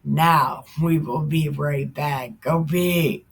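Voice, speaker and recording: A woman's voice: low-pitched, fairly even intonation, slow, gravelly, husky. A woman hosting a casual Bible reading, mixing the text with chatty, profane, slangy asides. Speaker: Bible commentary host.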